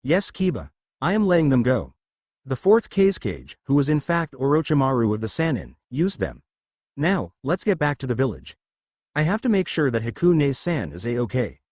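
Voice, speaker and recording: A man's voice: mid-range voice, sing-song, moderate pace, a little mellow, no room sound. A man voicing a confident young male ninja hero who lectures his rival in a fan-made anime story. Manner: confident, preachy.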